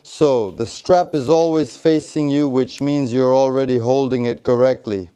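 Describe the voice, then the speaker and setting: A man's voice: mid-range voice, fairly even intonation, moderate pace, mellow, a little hiss or hum. A man instructing trainees in tactical first aid, coaching them step by step and repeating short encouragements. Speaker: military tactical medicine instructor.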